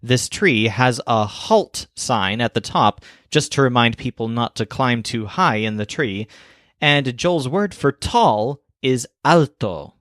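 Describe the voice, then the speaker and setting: A man narrating a scripted language lesson, explaining clearly and slowing down for example phrases. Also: mid-range voice, expressive, a bit bright, no echo, studio quality. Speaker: language teacher.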